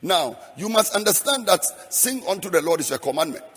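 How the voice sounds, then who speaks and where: A man's voice: sits high, very animated, fairly quick, fairly bright tone, husky. Preaching man in a reverberant hall. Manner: rhythmic preaching, breaking into sung phrases. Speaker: pastor. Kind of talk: sermon. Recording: long hall reverb, faint music behind.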